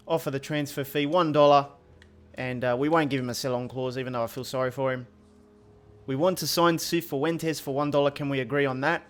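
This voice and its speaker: A man giving casual, joking commentary over a football video game. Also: medium pitch. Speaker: gaming youtuber. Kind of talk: gameplay commentary.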